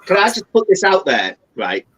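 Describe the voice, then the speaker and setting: A brash, sweary drag queen, trading banter on a live stream. His voice is bright and edgy and swings lively up and down as he ribs his co-host. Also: high voice, moderate pace, breathy edge, rough recording.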